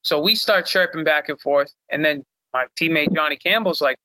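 A young man telling a long story as a guest in casual chat, animated, full of "like" fillers and swearing. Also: on the high side, normal speed, no room sound, poor audio. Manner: animated, frequent "like" fillers, profane. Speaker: guest, fighter.

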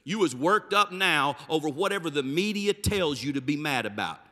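A man preaching a sermon, swinging between loud emphatic bursts and low, dropped phrases. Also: expressive, normal speed. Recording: reverberant hall.

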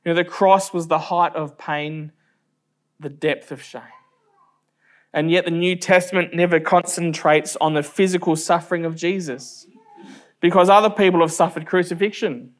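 A man preaching a sermon, telling stories earnestly with slow, emphatic phrasing. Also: fairly high pitch, fairly even intonation.

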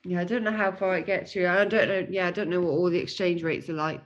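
A woman's voice: fairly low pitch, steady tone, quick pace, muffled recording. A British woman co-hosting a podcast, chatting casually and reading out listener mail, with a hesitant, chatty manner full of fillers. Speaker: podcast co-host.

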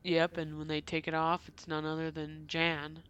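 A bright, smooth voice recaps a movie with a co-host on a podcast. The remarks are dry and wry, and this co-host laughs along easily. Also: mid-range voice, monotone, moderate pace, muffled recording. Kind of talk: casual movie recap chat.

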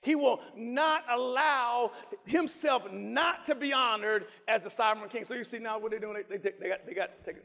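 A man preaching a fervent sermon, shouting and repeating phrases, calling out to the congregation. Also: extremely high pitch, normal speed, creaky, big-room sound. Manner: fervent preaching with shouts, repetition and call-outs.

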